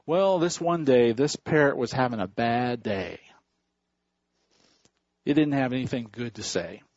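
A male pastor preaching a sermon in a church, telling stories in a slow, deliberate way, with a husky voice. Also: mid-range voice, no echo. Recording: dull dry recording.

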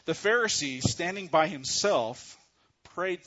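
Slow-talking pastor guy, kinda high voice, dull church mic recording. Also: a bit bright. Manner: unhurried, earnest preaching with frequent pauses. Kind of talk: sermon. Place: church sanctuary. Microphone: microphone on a stand or handheld.

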